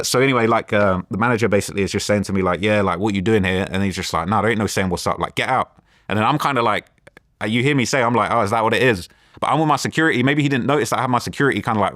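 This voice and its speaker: A young man, telling a story as an interview guest, lively and full of quoted dialogue and fillers. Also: lowish voice, rapid-fire, no echo, clean studio sound.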